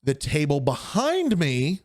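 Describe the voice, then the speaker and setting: Young male podcast co-host, casual animated storyteller, lively swooping pitch. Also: slow pace. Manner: animated storyteller acting out quoted voices.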